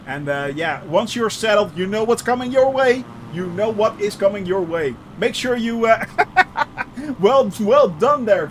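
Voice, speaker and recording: A man's voice: high-pitched, slight background noise, rough recording. A male streamer chatting casually with viewers during a live flight-sim game, greeting each by name with many fillers. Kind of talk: live-stream chat while flying.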